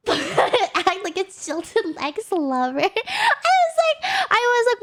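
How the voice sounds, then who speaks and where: Young woman streamer, high voice that swings all over, laughy casual storytelling. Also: moderate pace. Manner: animated, laughs often, fillers like "like".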